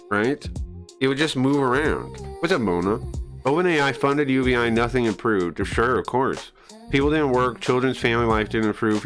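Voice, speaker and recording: A man's voice: mid-range voice, fairly bright tone. Heated, profane young man ranting. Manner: profane, heated, rambling with restarts. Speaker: live streamer. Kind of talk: casual ranting commentary. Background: faint music.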